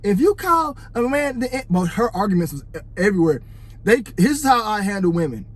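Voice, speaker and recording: A man with a fairly high-pitched voice gives his take into a phone held close. He sounds casual but preachy, speaking straight to the guys watching. He keeps circling back to his point with conversational fillers. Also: big pitch swings, brisk. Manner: preachy, addresses "fellas", repeats "you know what I'm saying". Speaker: vlogger. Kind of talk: casual opinion monologue.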